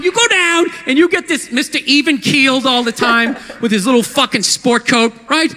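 A male stand-up comedian in a profane, ranting routine that bursts into shouting, performing on stage. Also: very high-pitched, lively intonation, fairly quick, few pauses. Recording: live venue with long reverb and crowd noise.

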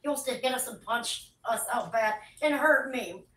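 A woman's voice: a little high, moderate pace. A woman hosting a vlog, distressed and insistent, arguing in a motel room. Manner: distressed, insistent, shouting orders. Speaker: vlog host. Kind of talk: heated argument on a vlog. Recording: echoey room, distant mic.

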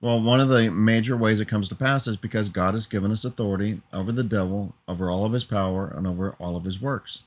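A man's voice: fairly low pitch, fast talker, few pauses. A man preaching an earnest teaching sermon, building emphatic lists and often asking "Amen?" for assent.

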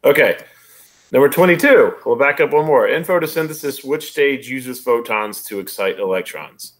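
A man's voice: medium pitch, expressive, normal speed. A male instructor running a casual online exam review, explaining step by step and often checking in with "right?". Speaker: college biology instructor.

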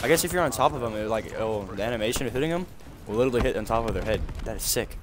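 A young man giving live gameplay commentary, animated and trash-talking, with sudden shouts at opponents. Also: mid-range voice, rapid-fire. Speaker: gaming commentator. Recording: game gunfire noise behind the voice. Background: in-game gunfire and explosions.

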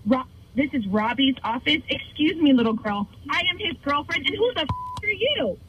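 A woman on a phone call, furious and jealous, shouting and demanding answers. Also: sits high, huge pitch swings, normal speed. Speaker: prank call target. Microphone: telephone. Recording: phone call with clear background noise.

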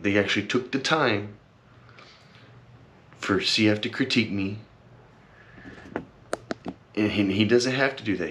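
A man's voice: low voice, a bit bright, slight background noise. A young man talking casually to his camera, rambling and earnest, with many fillers and repeated thanks, and teary at times. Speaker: vlogger. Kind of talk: casual heartfelt vlog talk.

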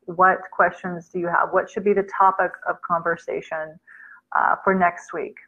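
A woman's voice: on the low side, little pitch movement, moderate pace, bright, forceful tone, breathy edge. A woman hosting a casual live chat, reading out viewer comments and mixing in Urdu words as she answers. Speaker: livestream host answering viewer questions. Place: Islamabad. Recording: dull lo-fi sound.

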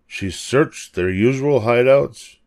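An older man reading a children's picture book aloud, expressive and animated. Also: mid-range voice, takes it slowly, no room sound, clean studio sound. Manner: expressive, animated voices for characters. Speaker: storybook reader.

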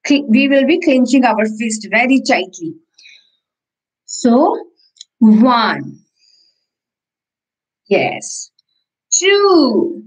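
An Indian woman teaches an online preschool class, reading a picture book and counting aloud with the children. Her voice is high and swoops up and down as she encourages them. She speaks slowly and clearly, with long pauses. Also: very animated, low-quality recording. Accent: Indian English.

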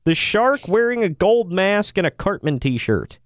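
His voice sits high and moves a little slowly, with a faint hiss or hum in the recording. He's a co-host on a wrestling podcast, chatting loosely, joking, laughing often and getting excited.

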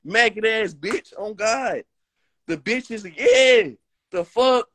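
Young male rapper, high-pitched voice, profane and heated, ranting to his live-stream viewers. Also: huge pitch swings, takes it slowly, a bit bright. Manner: heated, profane, slangy trash talk.

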